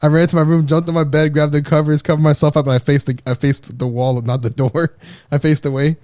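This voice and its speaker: Animated, profane male podcast storyteller. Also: fairly high pitch, a little fast, no room sound, studio quality. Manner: animated, profane storyteller who acts out quotes and laughs often. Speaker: podcast co-host. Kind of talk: casual chat, storytelling.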